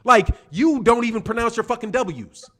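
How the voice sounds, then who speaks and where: A man's voice: very high-pitched, lively intonation, moderate pace, bright, forceful tone. A man hosting a boxing live stream, rambling and profane in casual chat. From Chicago. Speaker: boxing show host.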